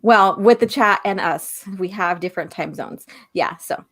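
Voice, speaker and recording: Giggly, chatty, slightly hoarse woman. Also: lowish voice, moderate pace, fairly bright tone. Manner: giggly, chatty, reads out viewer messages. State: slightly hoarse, losing her voice. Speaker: podcast co-host. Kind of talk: casual live-stream chat.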